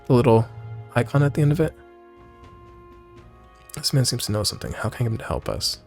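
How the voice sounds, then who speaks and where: Excitable man doing game commentary. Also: medium pitch, quick pace, gravelly, faint music behind. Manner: excitable, jokey, thinking out loud. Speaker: gaming streamer. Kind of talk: let's play commentary.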